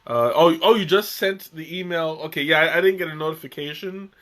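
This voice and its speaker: A man's voice: a little high, fairly quick, a bit bright. A young man hosting a live tea tasting stream, chatting casually in a rambling way with restarts and chuckles.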